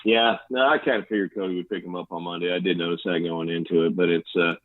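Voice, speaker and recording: A man's voice: deep voice, steady tone, quick pace, no room sound. A man co-hosting a casual fantasy league chat, rambling and bluntly trash-talking with laughs. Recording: tinny phone-line sound.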